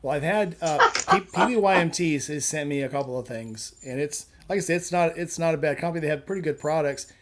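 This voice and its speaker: A man's voice: on the high side, brisk, hardly any pauses, slight background noise. A man on a live chat show, talking casually and bluntly, with firm opinions and a habit of telling jokes.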